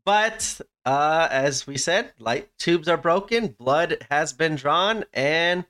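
A man co-hosting a casual podcast with a slightly higher voice than usual for a man. He rambles loosely, filling his talk with "like" and swearing. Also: lively intonation, slow, sharp tone. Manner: rambling, heavy use of "like", profane. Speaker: podcast co-host.

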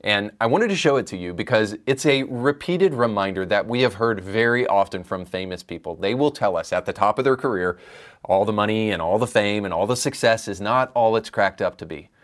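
A man's voice: on the low side, a little fast. A man hosting a commentary show, delivering opinions in an emphatic, argumentative way. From United States. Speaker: commentary podcast host.

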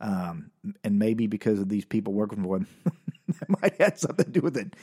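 A man's voice: fairly low pitch, big pitch swings, fairly quick, mellow, husky. Man telling a rambling, wry story. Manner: rambling, self-correcting, wry. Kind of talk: casual anecdote telling.

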